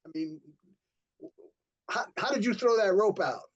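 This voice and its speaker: Halting, friendly workshop moderator. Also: mid-range voice, lively intonation, lo-fi sound. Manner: friendly, halting, many restarts.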